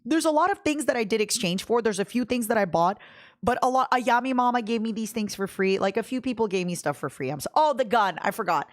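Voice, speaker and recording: A woman's voice: a little high, animated, fast. Young female streamer, bubbly, chatty, talks straight to her viewers. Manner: bubbly, talks to chat, jumps from topic to topic. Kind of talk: casual livestream chat.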